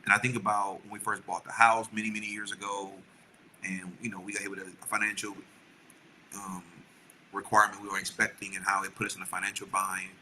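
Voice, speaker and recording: Middle-aged man, podcast co-host, earnest and rambling, bright voice, low in pitch, faint room hum. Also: flat delivery, quick pace, low-quality recording. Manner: earnest, rambling with many restarts. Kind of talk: casual chat with his wife.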